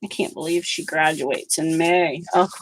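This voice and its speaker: A woman's voice: low voice, fairly even intonation, moderate pace, a little hiss or hum, poor audio. A middle-aged woman vlogging about crafts, chatting casually and telling stories in an outspoken way as she works. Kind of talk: casual chat while crafting.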